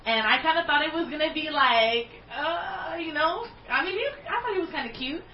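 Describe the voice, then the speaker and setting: A woman telling a long story in casual chat, animated, swearing a lot and using slang. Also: high voice, normal speed, echoey room, lo-fi sound, slight background noise.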